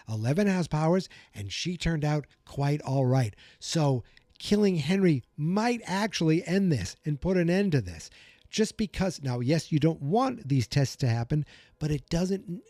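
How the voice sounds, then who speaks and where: Male podcast host, solo recap; animated, venting, higher pitch, dry close sound. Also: dry recording. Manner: animated, gets worked up and vents.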